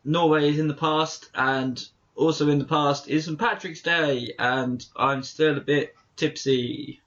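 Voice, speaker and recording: A man's voice: a little high, fairly even intonation, measured pace, a bit bright, lo-fi sound. A man co-hosting a podcast, chatting casually and telling rambling stories with lots of self-corrections. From England. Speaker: podcast co-host. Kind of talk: casual chat.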